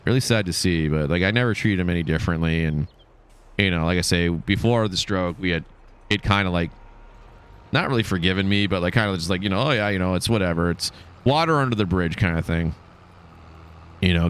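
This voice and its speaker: A man's voice: deep voice, a little fast, smooth. A man, telling a long rambling story in casual chat while hosting a game stream, full of fillers and restarts. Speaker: livestream host.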